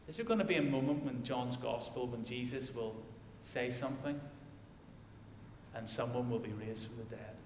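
A man's voice: mid-range voice, normal speed, slight background noise. Man preaching in an echoey church. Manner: dramatic preaching, swinging from loud declarations to hushed emphasis. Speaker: pastor. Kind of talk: sermon with scripture reading.

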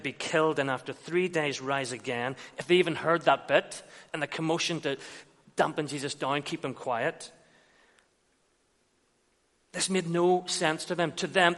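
A man's voice: on the high side, a bit bright. A man preaching an expository sermon, retelling scenes and acting out quoted dialogue. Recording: long reverb of a large hall.

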